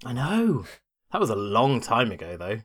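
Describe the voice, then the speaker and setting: Male podcast co-host, mid-pitched, eager, talks in rambling restarts. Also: huge pitch swings, moderate pace, a bit bright, no room sound, studio quality. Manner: enthusiastic, self-deprecating, rambling with restarts. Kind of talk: casual podcast chat.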